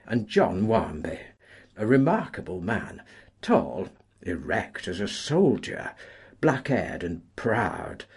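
Deep breathy-voiced male storyteller. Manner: measured, expressive storytelling. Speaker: narrator. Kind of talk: audiobook narration.

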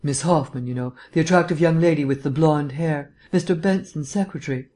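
An audiobook reader voicing an urbane, erudite gentleman detective who lectures in a polished, lightly teasing way. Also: mid-range voice, a little fast, lightly acted. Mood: probing. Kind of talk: audiobook reading.

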